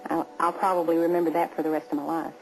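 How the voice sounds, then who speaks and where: A Texan woman recalls a rescue in a plain, even voice. Her pitch stays low and level. Music plays underneath. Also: fast talker, rough recording. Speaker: rescuer, boy's aunt. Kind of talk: documentary interview.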